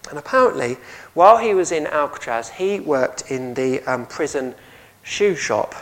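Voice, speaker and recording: English man preaching a lively sermon. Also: a little high, normal speed, rough recording. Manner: lively storytelling, audience questions.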